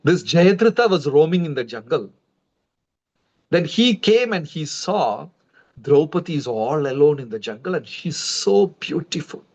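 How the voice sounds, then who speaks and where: A man tells a devotional story in a chatty, animated way and speaks to his audience directly. His voice sits fairly high. The sound is dull and lo-fi, as from a livestream. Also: measured pace. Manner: conversational, animated, addresses viewers. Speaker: preacher, storyteller.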